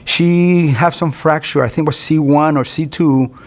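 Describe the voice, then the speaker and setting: A man's voice: on the high side, fairly even intonation, normal speed. A middle-aged man, a physician, giving a recorded continuing-education lecture in an earnest, conversational way. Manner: earnest, conversational, acts out doctor-patient exchanges.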